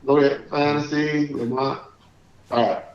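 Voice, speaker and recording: A man hosting a live call-in stream, chatting casually and reading out shout-outs to viewers. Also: a little high, fairly even intonation, measured pace, slight background noise. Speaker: livestream host. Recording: echoey, dull lo-fi stream audio.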